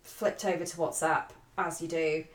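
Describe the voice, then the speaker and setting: A woman's voice: low voice, flat delivery, normal speed. Woman podcast host rambling through a date story, lots of "like", echoey room. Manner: chatty, lots of fillers. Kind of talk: casual chat, telling a dating story. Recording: roomy.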